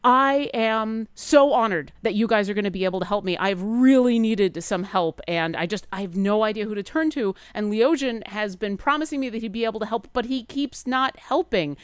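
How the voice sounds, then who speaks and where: A woman voicing an eager, flustered female bird-folk bard who talks in rapid, excitable bursts. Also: clean tone, no room sound, clean studio sound, lightly acted. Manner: rapid, excitable, high-pitched chatter.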